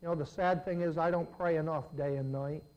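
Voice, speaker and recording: A man preaching a sermon, swinging between loud emphatic lines and low, hushed ones. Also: steady tone, fairly quick, dull audio.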